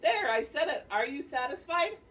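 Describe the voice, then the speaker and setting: A woman voicing a calm, clever female bush deer in a storybook who answers patiently and with a gentle tease, recorded from a distance. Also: a little high, unhurried. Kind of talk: read-aloud storybook voice. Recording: distant mic, faint classroom ambience.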